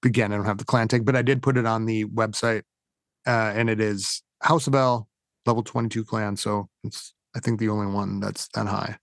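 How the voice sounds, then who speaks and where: A man's voice: medium pitch, vocal fry, no echo, clean studio sound. A man co-hosting a casual gaming podcast, loose and rambling with lots of fillers. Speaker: podcast co-host.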